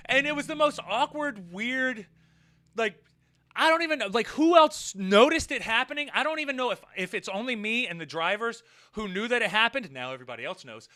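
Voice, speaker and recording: Man, vlogger; high, smooth voice; profane, animated storyteller. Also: fairly quick. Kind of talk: casual storytelling vlog.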